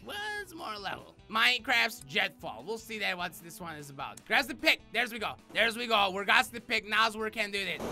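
Gaming commentator, male; high, rough voice, wildly animated, broken-English bit, yelling and cursing. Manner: deliberately broken English, frequent shouting and swearing. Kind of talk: excitable game commentary. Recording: music under the voice. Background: background music.

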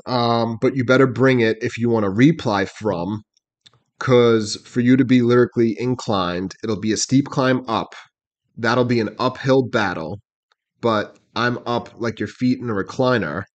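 A man's voice: medium pitch, lo-fi sound. A man hosting a reaction channel. He explains rap lyrics line by line in a casual way and keeps asking "right?" and "you know what I mean?". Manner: reads quoted lyrics slowly and deliberately.

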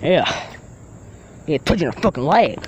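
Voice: medium pitch, sing-song, moderate pace, slight background noise, lightly acted, poor audio. A performer voicing a foul-mouthed, furious male villain who rants and threatens in a fan-made machinima. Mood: raging. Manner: ranting, swearing, threatening.

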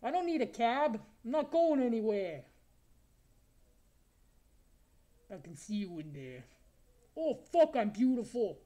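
A man's voice: extremely high pitch, very animated, normal speed, mellow. A man voicing a crude, lonely, self-admiring male creature with razor teeth, taunting strangers in an improvised comedy video chat.

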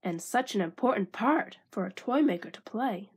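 A woman's voice: mid-range voice, lively intonation, normal speed, darkish tone, slightly rough. A woman voicing a boastful, sneering male rat villain in a storybook reading. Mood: wicked. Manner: sneering, grandiose.

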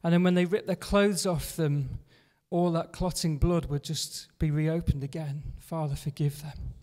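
A man's voice: on the high side, fairly even intonation, normal speed. Earnest male preacher in a reverberant church. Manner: earnest, repeating a refrain with drops to a soft hush. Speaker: pastor. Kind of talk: sermon. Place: church hall. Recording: long reverb of a church hall.

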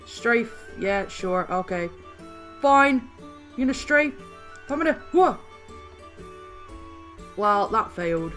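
A woman playing a video game and commenting as she goes, excitable, often crying out and repeating words when things go wrong, a little hoarse. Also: mid-range voice, slow pace, pauses often. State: slightly hoarse. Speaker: gaming channel host. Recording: faint background music.

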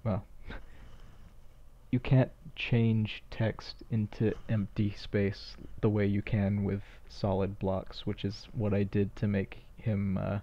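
A man's voice: fairly low pitch, flat delivery, slow pace, dark tone, dull audio. A man casually commentating a playthrough of a game he made, with offhand, self-mocking asides. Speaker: game creator commentating his own game.

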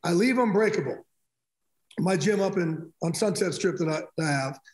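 A man's voice: sits high, moderate pace. A middle-aged man, a sports broadcaster guest, telling stories in a casual interview and acting out conversations in quotes. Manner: animated, re-enacts conversations in quotes. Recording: echoey room.

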